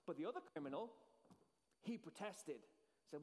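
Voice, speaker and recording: A man delivers an earnest sermon with dramatic pauses. His voice sits high for a man. The sound rings out with the long reverb of a church hall. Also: very animated, darkish tone. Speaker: pastor.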